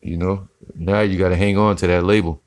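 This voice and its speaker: A man giving casual, slangy religious commentary, reading scripture slowly and tagging his sentences with "man". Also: low voice, steady tone, no echo. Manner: slangy, profane, preachy, says "man" often; slow deliberate scripture reading.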